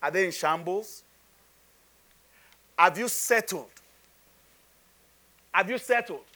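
High-voiced man preaching a sermon. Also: slow pace, sharp tone. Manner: conversational and humorous, rhetorical questions. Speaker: pastor.

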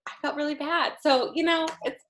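A woman telling a ranch story in casual chat, animated and laughing often. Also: high voice, moderate pace.

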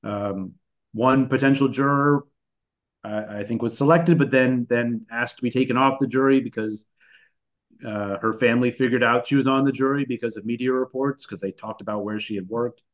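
A man's voice: medium pitch, fairly even intonation, normal speed. A man co-hosting a podcast discussion, talking in a hesitant way with many restarts and fillers. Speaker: podcast co-host. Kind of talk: conversational discussion. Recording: dull lo-fi recording.

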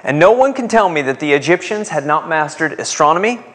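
Male pastor, sermon delivery, slightly higher pitch, rhetorical and engaging with the room. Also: lively intonation, a little fast, a bit bright. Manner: rhetorical questions, asks congregation to respond.

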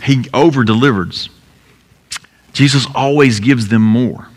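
A man preaching a sermon at a middle pitch, earnest and emphatic, leaning on repeated phrases. His voice carries through a big hall with a long, lingering reverb. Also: a little slow. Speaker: pastor.

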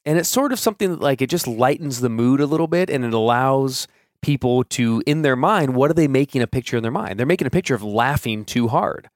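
A man's voice: medium pitch, expressive, brisk, dry recording, clean studio sound. A man in his thirties hosting a solo podcast, talking casually and thinking aloud with fillers and restarts. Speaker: podcast host.

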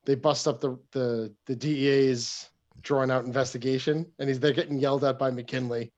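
A man co-hosting a casual movie podcast, quick to laugh. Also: medium pitch, steady tone, a little mellow. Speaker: podcast co-host. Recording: slightly dull audio.

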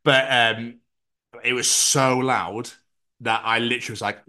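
A man's voice: medium pitch, fairly even intonation, moderate pace, pushed and bright. A man with a British accent hosting a podcast, rambling casually, swearing and acting out silly bits. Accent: British English. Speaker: podcast host. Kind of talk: casual chat.

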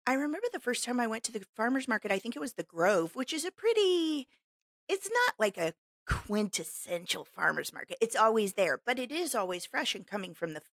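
A woman from Missouri, co-hosting a podcast and telling animated stories in casual chat. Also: a little high, fairly quick, no room sound. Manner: animated storyteller who acts out quotes. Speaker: podcast co-host.

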